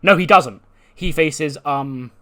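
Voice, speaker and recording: A man's voice: fairly high pitch, slow, a bit bright. A man hosting a gaming channel, narrating a wrestling sim playthrough in a casual, rambling way and correcting himself as he goes.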